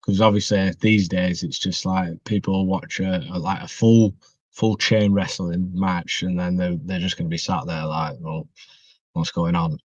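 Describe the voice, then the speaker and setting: A man's voice: sits low, little pitch movement, a little slow, husky, no room sound. A young man, chatting as a podcast guest in a rambling way full of restarts and fillers. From northwest England. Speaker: guest wrestler. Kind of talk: casual podcast chat. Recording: dry, dull muffled recording.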